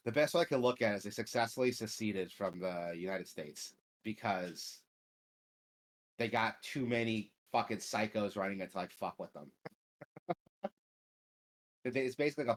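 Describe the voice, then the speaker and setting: Low-voiced dude rambling about games on a podcast, swearing constantly. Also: male voice. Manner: profane, rambling, lots of filler words. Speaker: podcast host. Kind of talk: casual gaming podcast chat.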